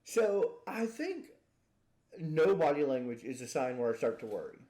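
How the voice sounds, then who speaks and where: Co-host, male, slightly high voice, jokey and deadpan, casual chat. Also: moderate pace. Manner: jokey, acts out silly voices, deadpan punchlines. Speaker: podcast co-host.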